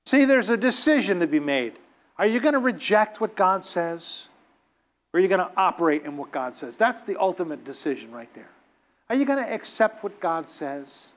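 A man's voice: sits high, sing-song, moderate pace. A man preaching a sermon, emphatic and exhorting, scolding his listeners and acting out the people he quotes.

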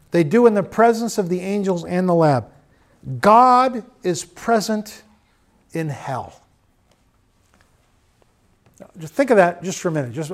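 A middle-aged man preaching a sermon, swinging between loud urging and quiet storytelling. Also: high-pitched.

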